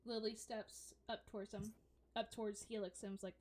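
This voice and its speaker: A woman's voice: mid-range voice, flat delivery, moderate pace, a little mellow. A woman narrating a tabletop game as dungeon master, casual and full of fillers.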